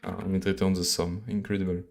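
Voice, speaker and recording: A man from Belgium with a French accent, live-coding on a stream and thinking aloud in a halting, mumbling way full of fillers and restarts. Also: low voice, little pitch movement, creaky, a little mellow, a little hiss or hum.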